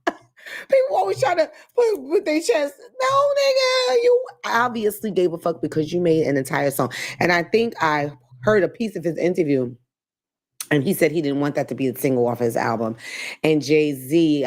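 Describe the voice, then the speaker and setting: A woman with a low voice hosts a casual talk show and hands out advice in a blunt, profane way. Her pitch swings widely as she talks, and she laughs often between points. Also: a little mellow. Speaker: host.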